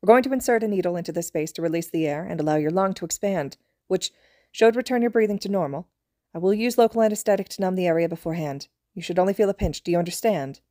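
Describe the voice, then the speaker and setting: A woman reading as a calm, authoritative trauma doctor giving brisk clinical orders in a low, mellow voice. Her delivery is steady and reassuring, recorded close and dry with almost no room sound. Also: dry recording, close to an everyday voice.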